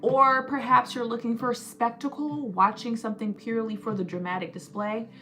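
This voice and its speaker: A woman's voice: on the high side, steady tone, brisk, bright, forceful tone, faint music behind. A woman hosting a casual live stream, playful and joking, drawing out words as she sounds them out. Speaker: livestream host.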